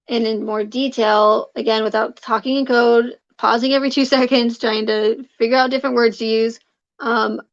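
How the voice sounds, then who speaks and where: A woman's voice: fairly high pitch, gravelly, dry recording, lo-fi sound. A woman live streaming, chatting casually with her viewers, rambling with lots of fillers and restarts and greeting people in the chat by name.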